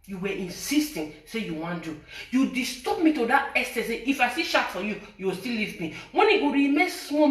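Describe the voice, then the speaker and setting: A woman with a Nigerian accent, a social media personality, mixes Pidgin and English as she tells viewers a painful personal story, accusing and pleading by turns in an emotional confession. Her voice is on the high side and a bit bright, caught by a distant mic with a roomy sound.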